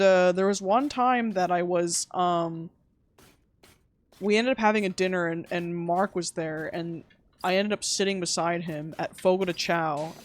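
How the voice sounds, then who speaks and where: A young woman live-streaming a game, chatting casually and teasing her chat with frequent giggles. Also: lowish voice.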